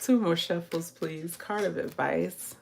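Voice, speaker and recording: A woman's voice: fairly low pitch, steady tone, measured pace, vocal fry, a little mellow, slight background noise. A woman giving a casual tarot reading who talks straight to her viewers, chats freely and laughs often. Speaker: tarot reader.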